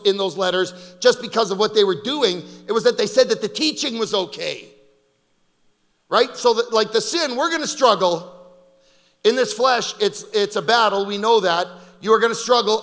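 Man, guest preacher, high voice, loud and joking, long reverb. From Canada. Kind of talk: fiery sermon. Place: large conference hall.

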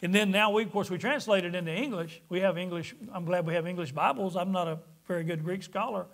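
A man's voice: high voice, fast talker. A male pastor preaching a sermon, reading scripture aloud, putting questions to the congregation and chuckling now and then. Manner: animated, reads scripture aloud.

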